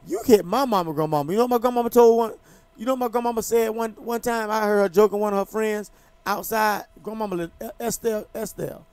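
A man's voice: high voice, fast, a little mellow, clear, resonant tone, no room sound. A man hosting a talk show, telling stories in an emphatic, heated way with lots of restarts. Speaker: talk show host and former boxing champion. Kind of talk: casual talk show chat.

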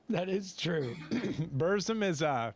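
A young man chatting with friends on a gaming stream. He giggles through his sentences and rambles on, and his pitch moves around freely. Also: expressive, extremely slow. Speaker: streamer co-host. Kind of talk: casual gaming chat.

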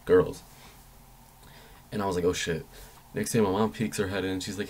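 A young man vlogging a story in a loose, rambling way, swearing freely and jumping up high when he quotes his own panicked thoughts. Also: normal speed, breathy edge. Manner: rambling, excitable, swears freely, jumps into high squeaky voice when quoting himself. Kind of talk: casual storytelling vlog.

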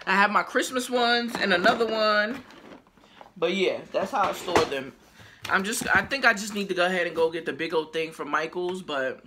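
Woman vlogger, bright tone, chatty and exclamatory haul talk straight to viewers, faint hiss under it. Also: medium pitch. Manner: chewing while talking at times. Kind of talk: casual haul vlog chat.

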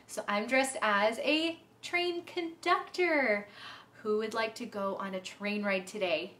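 A woman's voice: on the high side, slow pace, pushed and bright. A young woman teaching a music and movement class to young children, playful and sing-song, singing often. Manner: sing-song, playful, many sung lines and vocal games. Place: indoor room, livestream. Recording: echoey room.

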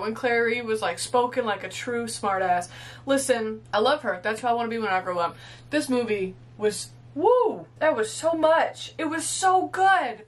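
A woman reviews a film she just watched. Her voice sits a bit high and sounds teary, and she gushes emotionally, swearing and laughing freely. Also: a bit bright. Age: 20s. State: teary after crying. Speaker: host. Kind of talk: movie reaction and review.

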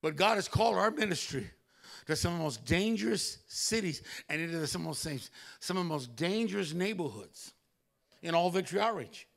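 Male pastor, sermon, gravelly, bright, animated storytelling. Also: sits high, brisk. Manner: animated storytelling with loud exclamations. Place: church.

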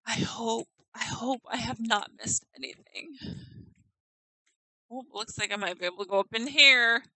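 Chatty woman, casual game tour commentary, bright, slow, dry sound. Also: on the high side, dry recording, poor audio. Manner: giggly, chatty, stumbles over names. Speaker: game house tour video maker.

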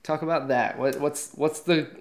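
A man's voice: fairly high pitch, fairly even intonation, moderate pace. A young man hosting a podcast, asking questions in a casual, easygoing way and saying "gotcha" a lot. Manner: easygoing, says "gotcha" and "interesting" often. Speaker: podcast host. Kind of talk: casual interview chat.

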